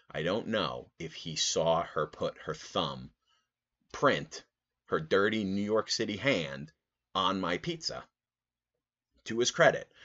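A man hosting a podcast, telling a rambling, animated story in a casual monologue full of fillers. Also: low voice, highs cut off. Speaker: podcast host.

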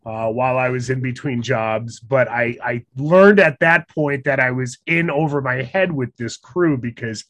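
A man's voice: medium pitch, a little slow, hardly any pauses, a bit bright, no room sound. A man in a casual chat, recounting a hard outdoor trip with self-mocking humor and frequent laughter. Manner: laughs often, self-deprecating.

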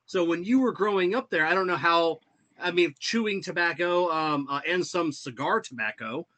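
A man's voice: a little high, moderate pace, sharp tone. A male podcast host chatting casually, laughing often and stumbling over repeated words as he starts sentences. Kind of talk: casual chat.

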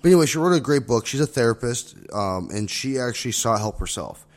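A man co-hosts a podcast, talking casually about relationships and therapy skills in a medium-pitched, animated voice at a quick pace, with crowd noise behind him. He's reflective, keeps circling back to his points, and often tags lines with "right?"

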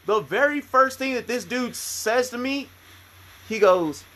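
A man's voice: extremely high pitch, expressive, a little slow, bright, forceful tone. A man in his thirties from the United States, a veteran podcast co-host telling stories in a rambling, profane way with lots of restarts. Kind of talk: casual chat, storytelling.

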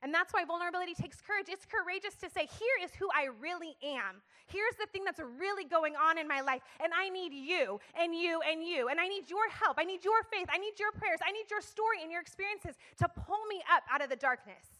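A woman's voice: very high voice, animated, a little fast, hardly any pauses, sharp tone. A young adult woman giving a passionate, emphatic sermon-style talk to a church audience, calling for responses. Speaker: speaker sharing her story at church.

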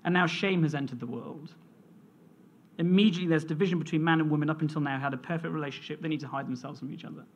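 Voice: medium pitch, quick pace, muffled recording, slight background noise. A preacher delivering a sermon in an earnest, storytelling manner, reading scripture and sharing a family anecdote.

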